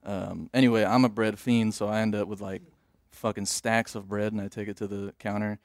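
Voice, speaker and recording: A man co-hosting a casual podcast, telling rambling stories in an excitable way and swearing a lot. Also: on the low side, fairly quick, no echo, clean studio sound. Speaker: podcast co-host.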